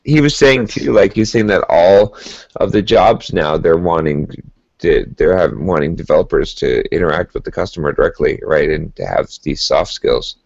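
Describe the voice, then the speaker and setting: Deep husky guy rambling through a story on a podcast, dry dull sound. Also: expressive, moderate pace, a little mellow, no echo. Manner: rambling, laughs while telling stories. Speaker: podcast co-host. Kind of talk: casual storytelling chat.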